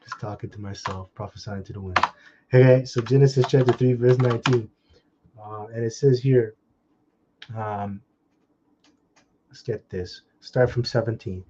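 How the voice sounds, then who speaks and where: A man giving an informal scripture talk, blunt and scolding with mocking asides, and reading the verses slowly. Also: medium pitch, warm tone, slightly rough, muffled recording. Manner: slow, drawn-out scripture reading. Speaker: preacher.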